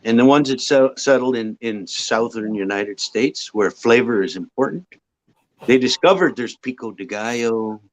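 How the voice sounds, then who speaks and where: A man's voice: medium pitch, moderate pace, slight background noise, low-quality recording. A man telling joking anecdotes in a casual group chat, often repeating words as he starts. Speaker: chat participant.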